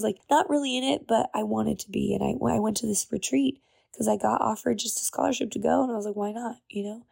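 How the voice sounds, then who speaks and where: A woman's voice: a little high, vocal fry, dark tone, breathy edge, no room sound. A young woman host telling her personal testimony in an earnest, emotional way, with lots of "like". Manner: earnest, emotional, uses "like" often. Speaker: podcast host.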